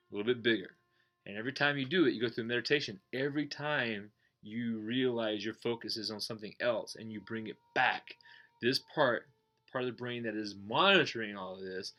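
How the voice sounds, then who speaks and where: A man teaching meditation in a casual, blunt way, swearing and joking, and going soft and slow when he guides the breathing. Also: on the low side. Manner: slows and softens when guiding breathing. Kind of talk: casual explanatory talk.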